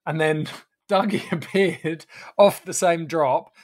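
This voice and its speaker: A man calmly telling a casual story in a matter-of-fact way, often dropping into quiet asides. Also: on the high side, slow pace.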